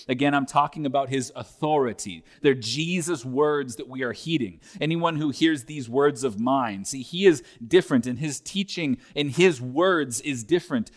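A man preaching a sermon at a steady middle pitch, earnest and measured. He reads scripture and presses his points through repeated phrases, rising in force as he drives them home. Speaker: pastor.

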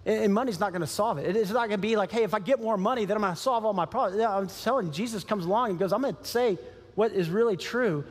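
A pastor with a high, bright-sounding man's voice delivers a lively sermon, slipping into little acted-out voices and chuckling as he goes. His words ring out with a long reverb through a large sanctuary. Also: rapid-fire, hardly any pauses. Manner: animated, acts out quoted voices, chuckles often.

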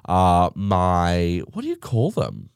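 A man's voice: low-pitched, wildly swooping pitch, slow pace, creaky, darkish tone, clear, resonant tone, dry recording, clean studio sound. A man chatting alone, telling stories in a sweary, theatrical way as a show host. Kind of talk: casual monologue.

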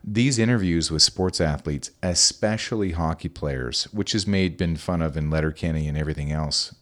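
A man's voice: very deep voice, moderate pace. A middle-aged man hosting a podcast interview, speaking in a rambling, friendly way with many hesitations. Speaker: podcast host. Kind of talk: casual interview.

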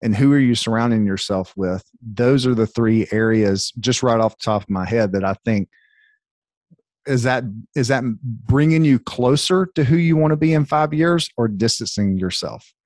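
A man's voice: medium pitch, moderate pace, darkish tone. Southern US man, podcast guest, salon owner who speaks on stages; earnest, motivational, loose delivery. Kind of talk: casual podcast interview.

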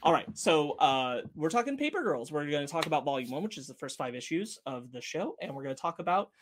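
A man's voice: fairly high pitch, big pitch swings, quick pace, noisy background. A man hosting a casual podcast, talking eagerly about movie trailers with a loose, rambling manner. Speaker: podcast host.

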